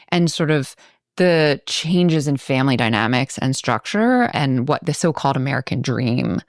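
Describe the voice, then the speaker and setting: Low-voiced woman chatting about a film. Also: no room sound, studio quality. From Baltimore. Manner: chatty, thinking aloud with many asides. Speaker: podcast co-host. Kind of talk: casual film discussion.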